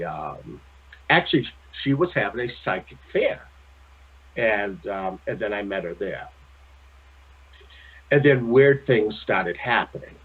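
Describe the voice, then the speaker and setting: A man telling stories as a guest in a casual chat, animated and laughing often, with some salty language, heard over a tinny phone-like line. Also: on the low side, husky. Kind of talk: casual anecdotal storytelling.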